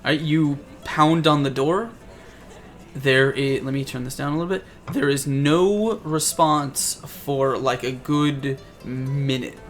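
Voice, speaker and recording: A man's voice: mid-range voice, steady tone, takes it slowly, soft background music. A man narrating as game master for a tabletop game, rambling and searching for words as he describes scenes.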